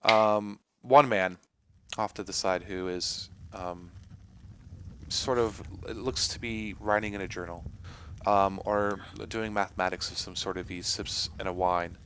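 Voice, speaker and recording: Man running a tabletop game, lowish voice, rambling, faint background hum. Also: fairly even intonation, measured pace, a bit bright. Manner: rambling, many fillers and restarts. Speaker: game master.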